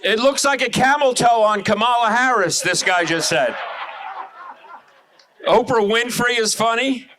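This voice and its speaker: A middle-aged man from Long Island, doing loud, brash, crude stand-up and crowd work on a showroom stage. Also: very high voice, measured pace, pauses often, slight background noise. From Long Island, New York. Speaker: stand-up comedian. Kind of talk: live stand-up comedy.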